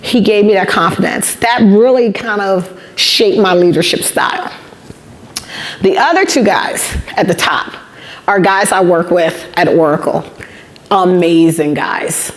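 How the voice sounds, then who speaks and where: A woman in her fifties giving a motivational talk to students, telling stories with emphatic repetition and acting out the dialogue. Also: medium pitch. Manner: animated storyteller, acts out quoted dialogue. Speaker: guest speaker.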